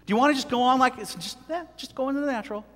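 Lively high-voiced preacher in a reverberant hall. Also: male voice, very fast. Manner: animated preaching, acting out voices and shouts. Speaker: pastor. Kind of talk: sermon.

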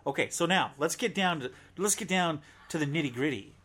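A man's voice: fairly high pitch, lively intonation, a little fast, a bit bright. A man hosting a podcast from a living room, chatting casually and joking around. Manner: jokey, chatty, rambling. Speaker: podcast host. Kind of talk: casual chat.

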